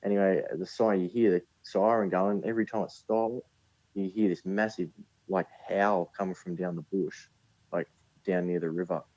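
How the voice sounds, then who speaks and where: A deep-voiced Australian man tells a story in a loose, rambling way, with filler words running through it. His audio is dry and a little dull and lo-fi, as if from a cheap remote setup. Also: fairly even intonation, moderate pace, a little mellow, no room sound. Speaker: podcast guest. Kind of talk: casual storytelling.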